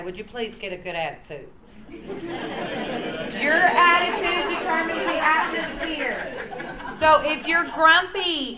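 A woman leading a lively, playful workshop for church preschool teachers. She acts out quotes and drops to a whisper to draw the room in. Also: sits high. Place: large hall with an audience. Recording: echoey room with faint noise.

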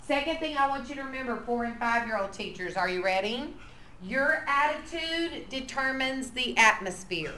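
Lady running a teacher workshop, bright punchy voice, kinda high, echoey room. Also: normal speed. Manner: energetic, playful, acts out quotes, drops to a whisper. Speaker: trainer of church preschool teachers. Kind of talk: lively workshop talk. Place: large hall with an audience. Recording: echoey room with faint noise.

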